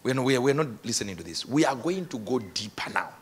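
Brief: awed jittery angels, voiced by a male preacher, husky, jumping around in pitch. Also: lively intonation, rapid-fire. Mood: refusing. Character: awed, nervous crowd of heavenly angels.

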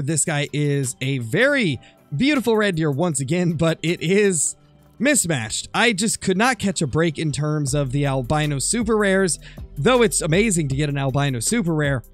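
A man who sounds a little raspy while getting over an illness, chatting easygoingly through a game commentary voice-over with plenty of fillers. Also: fairly high pitch, expressive, normal speed, soft background music. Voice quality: slightly raspy. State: recovering from illness. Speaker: gaming channel host.

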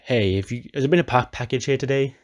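A man's voice: mid-range voice, fast talker, highs cut off, voice pushed up, close to an everyday voice. A man doing a vain, fussy showman wrestler. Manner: indignant, whiny. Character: vain showy male wrestler, fussy and stressed.

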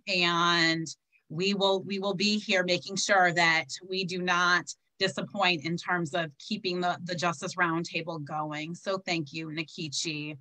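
A woman with a bright, forceful voice pitched a little low speaks over a video call. She delivers an earnest tribute, repeating the person's name as she drives each point home. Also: low-quality recording. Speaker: guest speaker. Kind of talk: heartfelt tribute speech.

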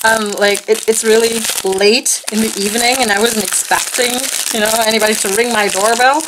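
A woman vlogger chatting casually and gushing excitedly as she unpacks a nail polish haul at home, full of fillers. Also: on the high side, fairly quick, noisy background. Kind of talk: casual unboxing haul chat.

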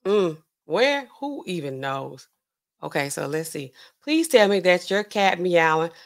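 Her voice is on the low side and creaky, and she takes a measured pace. A pharmacist hosting a casual livestream, she chats loosely with features, reads and replies to viewers' comments, and laughs often, reacting animatedly with large vocal swings.

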